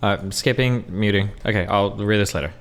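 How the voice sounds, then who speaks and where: A man's voice: lowish voice, fairly quick. Brief: male streamer, exasperated profane reaction rant. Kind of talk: casual reaction commentary.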